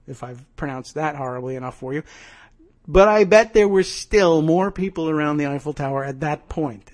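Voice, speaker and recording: A man's voice: a little high, moderate pace. A man hosting a political commentary podcast, talking in a sarcastic, ranting way. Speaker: podcast host.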